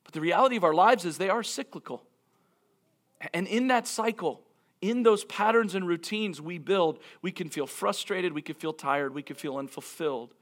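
A man preaching a sermon as a pastor, earnest and reflective, slowing down to stress key phrases. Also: high-pitched, fairly bright tone. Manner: earnest, reflective, with frequent restarts and dramatic slowdowns.

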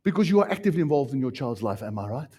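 A South African man preaching a sermon with passion, swinging from loud outbursts to hushed lines. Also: mid-range voice, sing-song, racing, husky. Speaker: pastor.

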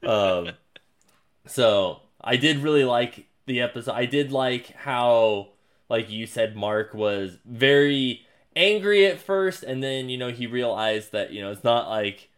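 A man co-hosting a casual podcast at a mid pitch. He recaps in an easygoing way, then goes loud and high when he quotes characters. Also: animated, a little slow, smooth. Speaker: podcast co-host. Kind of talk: casual chat.

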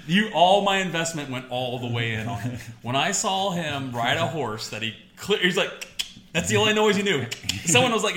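A man in casual chat as a podcast co-host, telling stories with lively acted-out quotes and frequent swearing. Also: medium pitch, fairly quick, reverberant. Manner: animated storyteller, acts out quotes, swears freely.

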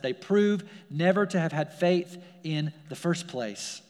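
A man's voice: on the high side, expressive, slow pace, a little mellow, in a large hall. A man, a pastor, preaching a sermon in a casual, conversational way, full of fillers and repeated phrases. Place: church sanctuary.

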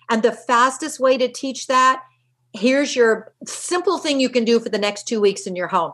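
A middle-aged woman, a parenting author, giving energetic interview answers and acting out little quotes in lively voices. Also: fairly high pitch, moderate pace.

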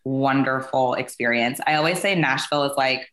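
A woman's voice: a bass voice, normal speed, a bit bright, echoey room. A woman from California, a company CEO, chatting as a podcast guest in a rambling way with many fillers. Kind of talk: casual interview chat.

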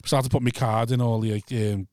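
A man's voice: mid-range voice, steady tone, brisk, darkish tone, no echo, clean studio sound. A man with a Liverpool accent, a taxi driver guest telling stories in casual podcast chat, rambling, repeating himself and laughing easily. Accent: Scouse.

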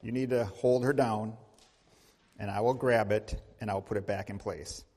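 A man voicing a calm male doctor who plainly explains a procedure to a worried father. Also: fairly low pitch, moderate pace, voice pushed down, close to an everyday voice. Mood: matter-of-fact. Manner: matter-of-fact, speaking to the father. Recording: long church reverb.

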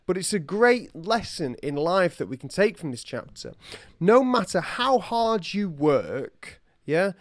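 A man's voice: high voice, sing-song, measured pace, no room sound, studio quality. A man co-hosting a podcast, chatting wryly and laughing at his own jokes. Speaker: podcast co-host. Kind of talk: casual chat.

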